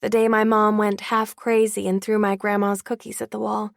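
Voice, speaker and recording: A woman's voice: medium pitch, level tone, moderate pace, vocal fry, no room sound, studio quality. A young adult woman narrating a first-person audiobook in a wry, confiding way.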